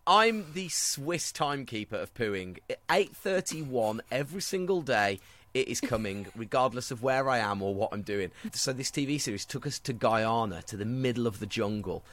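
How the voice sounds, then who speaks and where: A man's voice: mid-range voice, lively intonation, normal speed, a bit bright. A man co-hosting a podcast in casual chat, telling funny stories. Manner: storytelling, jokey. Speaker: podcast co-host.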